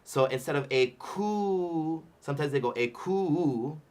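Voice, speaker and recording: A man leading a livestream ukulele workshop. He chats casually with lots of fillers and laughs, and sounds out Hawaiian words slowly, syllable by syllable. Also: mid-range voice. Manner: chatty with frequent fillers and laughter. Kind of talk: livestream music lesson.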